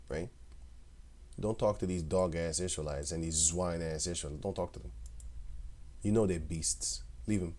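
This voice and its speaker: A man with a deep, low voice preaching to an online audience. He reads scripture aloud and breaks into loose, chuckling commentary between the verses. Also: normal speed, darkish tone.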